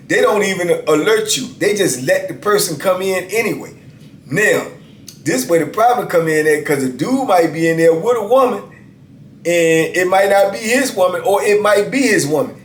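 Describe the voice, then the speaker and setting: A man's voice: fairly high pitch, normal speed. Man in his 50s, casual storyteller, laid-back, echoey room, faint hiss. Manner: laid-back, repeats "you know what I'm saying" and "man". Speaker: channel host telling prison stories.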